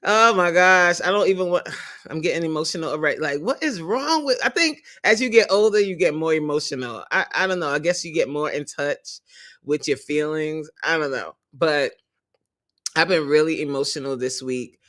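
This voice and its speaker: A fitness coach hosting a casual livestream, animated and openly emotional, laughing often and greeting viewers in the chat by name. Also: medium pitch, normal speed.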